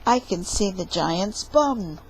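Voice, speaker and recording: Cheeky complaining young man from a storybook, lively up-and-down voice, played by a woman. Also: medium pitch, takes it slowly, slightly rough, full character voice, low-quality recording. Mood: sassy. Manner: whiny, sassy, talks back.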